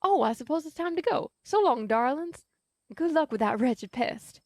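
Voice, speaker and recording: A woman voicing a prim, genteel southern belle with a drawn-out Southern accent. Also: high voice, expressive, dry recording, clean studio sound, voice pushed up. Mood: haughty. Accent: Southern American.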